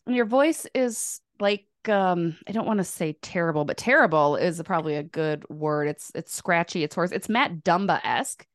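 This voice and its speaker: Chatty woman podcast host, lowish voice. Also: no room sound, clean studio sound. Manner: chatty, quick to laugh. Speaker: podcast host and sports writer. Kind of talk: casual podcast chat.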